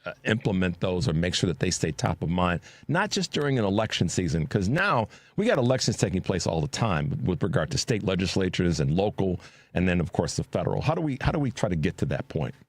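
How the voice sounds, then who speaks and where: A man's voice: sits low, big pitch swings, fairly quick, no echo. A man hosting a political talk show, earnest and emphatic as he makes his points. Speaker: host.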